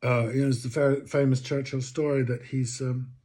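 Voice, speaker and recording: A man speaks in a husky, breathy voice at an ordinary middle pitch. He muses his way through a long reflective monologue, thinking aloud and often restarting his sentences. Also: flat delivery, moderate pace, a little mellow.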